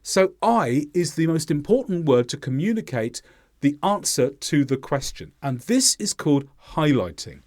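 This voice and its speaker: A man delivers a scripted English lesson at a slow, measured pace, his slightly high voice swinging widely as he hits the important words hard. The sound is dry and close. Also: big pitch swings, a little mellow, no room sound. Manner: slow, deliberate, exaggerated stress on key words. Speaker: English pronunciation teacher.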